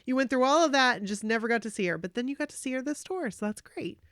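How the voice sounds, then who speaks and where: A woman podcast host reading a listener's fan story aloud, animated and gushing, with emotional asides. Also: high-pitched, quick pace, no room sound, clean studio sound.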